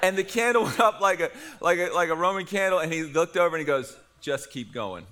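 A middle-aged man preaching a sermon, telling a story with lively humor to his congregation. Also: high voice, quick pace, background noise. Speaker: pastor.

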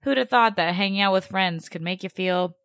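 A woman's voice: mid-range voice, a little fast, a bit bright, clear, resonant tone, dry recording. A young woman co-hosting a casual podcast, chatty and sarcastic, with lots of "like" and dry asides. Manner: chatty, sarcastic, says "like" a lot. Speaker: podcast co-host.

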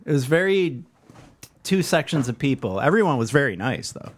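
A man's voice: medium pitch, very animated, normal speed. Stammering male podcast guest. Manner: flustered, stammering protests. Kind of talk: comedy podcast banter.

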